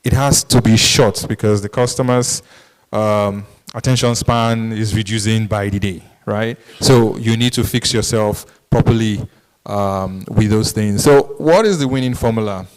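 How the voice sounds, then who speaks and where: A man's voice: on the low side, a little slow, rough recording. A man presenting at a business masterclass, explaining points with frequent "um" fillers and "right?" tags. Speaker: e-commerce speaker at business masterclass. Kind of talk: conference presentation.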